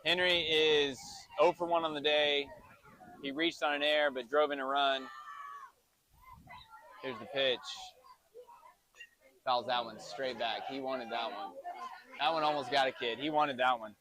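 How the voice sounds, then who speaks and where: A man's voice: medium pitch, fairly even intonation, unhurried, pauses often, pushed and bright. A middle-aged man, a dad doing amateur play-by-play commentary of his son's youth baseball game in a chatty, self-joking announcer manner.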